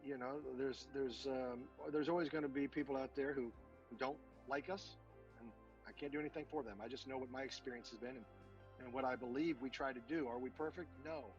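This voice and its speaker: Veteran man, earnest and halting, lo-fi dull audio with faint music under it. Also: medium pitch, fairly even intonation. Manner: earnest, halting with many fillers. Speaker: veteran guest. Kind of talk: casual interview talk.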